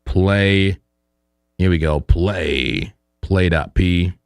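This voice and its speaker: Brief: male streamer host, lowish voice, dry close sound, loose and jokey delivery. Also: extremely slow, smooth, no room sound. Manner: animated and joking, with frequent fillers and laughs. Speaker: host of a crypto trading livestream. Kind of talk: casual live-stream chat.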